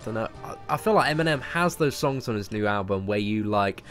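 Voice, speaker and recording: A man's voice: lowish voice, lively intonation, fairly quick, over music. A young man with a southern English accent, chatting casually on a game live stream, rambling and restarting his sentences. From Surrey, southern England. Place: parents' garden, outdoors.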